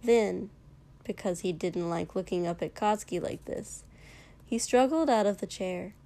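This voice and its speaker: Woman reading fanfic out loud, slow and even, mid voice. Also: medium pitch. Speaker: narrator. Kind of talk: fan fiction read-aloud.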